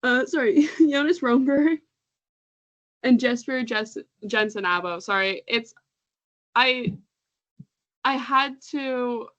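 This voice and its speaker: A woman's voice: fairly high pitch, slow pace, long pauses, a bit bright, lo-fi sound. A woman co-hosting a casual podcast, chatty and laughing often, stumbling over names as she reads them out. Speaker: podcast co-host. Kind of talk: casual chat.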